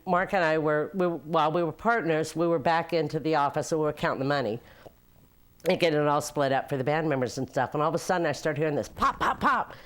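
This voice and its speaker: Older woman, low voice, storytelling interview, laughs often. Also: fast. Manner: warm storytelling with frequent laughs. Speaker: former nightclub owner. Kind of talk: documentary interview, reminiscing.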